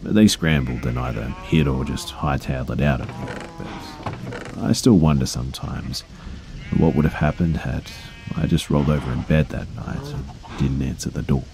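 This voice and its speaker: A man in his thirties narrating creepy true stories in a low-key, conversational way, with casual fillers and profanity. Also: expressive, moderate pace, vocal fry, noisy background.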